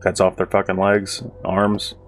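Sarcastic, rough-voiced man gaming. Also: sits low, monotone, measured pace, soft background music. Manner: profane, rambling and sarcastic. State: rough-sounding voice, apologizes for how he sounds. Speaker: gaming video host. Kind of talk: casual let's-play commentary.

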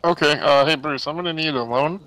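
A man's voice: a little high, a little fast, sharp tone, no echo, rough recording. A man making dry wisecracks while playing a horror game with friends. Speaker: game player and guest.

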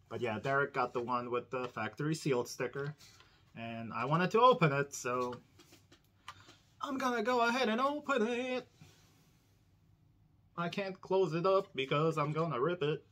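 A chatty man hosting a casual indoor unboxing vlog. He rambles, laughs often, and talks straight to his viewers, with a bright, ringing voice. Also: a little high. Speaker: diecast collector channel host.

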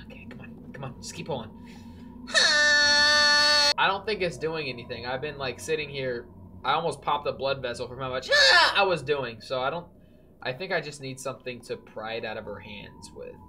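An excitable gamer giving casual commentary on a horror game, chatting to the characters on screen and now and then bursting into loud yells. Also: medium pitch, slight background noise. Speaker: let's play gamer. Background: background music beat.

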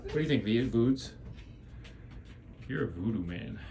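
A man's voice: mid-range voice, animated, unhurried. A man vlogger chatting playfully to his dogs in a sing-song pet-talk manner. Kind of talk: talking to pets. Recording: loud background noise.

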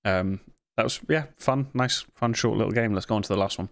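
A man's voice: fairly low pitch, brisk, vocal fry, poor audio. A young man giving jumpy, self-mocking commentary while playing horror games, with sudden yelps. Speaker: gaming video host.

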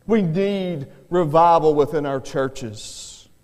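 A man's voice: fairly high pitch, takes it slowly, darkish tone. A man preaching a revival sermon as an evangelist, earnest and given to repeating words as he starts his phrases. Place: church sanctuary. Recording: long church reverb.

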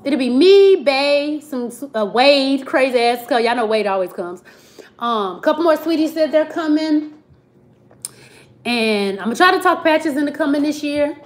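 A woman, chatting casually on a live stream, reading comments and laughing often. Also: sits high. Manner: chatty, laughs often, Southern slang like "child" and "y'all".

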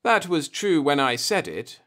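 A man reading the part of a polite, measured male alien in an audiobook, speaking with calm formality. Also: on the high side, pitched above the performer's own voice. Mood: politely calm.

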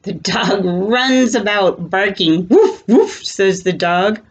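A woman reading a children's picture book aloud, gentle and expressive. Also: mid-range voice, slow pace, dull audio. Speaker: storybook reader.

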